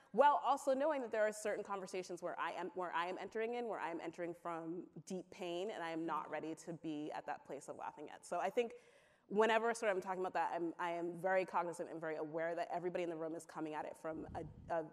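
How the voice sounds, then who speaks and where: A woman with a lowish voice talks candidly on a theater stage to an audience. She is wry and reflective, laughs easily, and often restarts her sentences mid-thought. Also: quick pace. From Connecticut, USA. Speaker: panelist answering audience questions. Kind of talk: candid conversational talk on stage.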